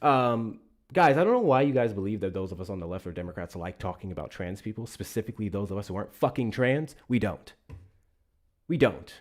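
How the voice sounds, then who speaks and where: A man hosting a live political call-in stream with a low, grounded voice. He argues bluntly and swears often. When he pushes a point, his words trip and repeat. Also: expressive, brisk. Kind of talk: heated live-stream debate with callers.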